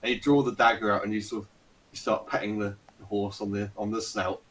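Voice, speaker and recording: A man's voice: lowish voice, flat delivery, a little fast, fairly bright tone, recorded from a distance. A man narrating a tabletop game as dungeon master, hesitant and often laughing.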